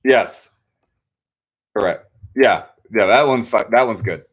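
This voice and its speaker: A young man hosting a casual live trivia night, reading out answers with relaxed asides and self-corrections. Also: lowish voice, takes it slowly, breathy edge.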